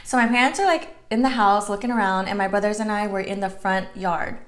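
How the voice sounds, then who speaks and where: A woman in her twenties chatting casually while eating, telling a story with many "like" fillers and sometimes dropping to a soft whisper. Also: mid-range voice, fairly quick. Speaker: mukbang vlogger.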